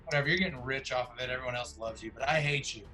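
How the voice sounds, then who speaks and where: A man's voice: mid-range voice, rapid-fire, bright, forceful tone, low-quality recording. A man co-hosting a podcast, talking bluntly and ranting in casual chat. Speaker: podcast co-host.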